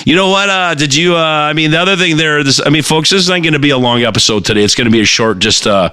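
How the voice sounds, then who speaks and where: A man's voice: on the high side, fast, pushed and bright, smooth, no echo. A man co-hosting a podcast, rambling and joking in casual banter. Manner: joking, rambling, laughs often. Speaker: podcast co-host.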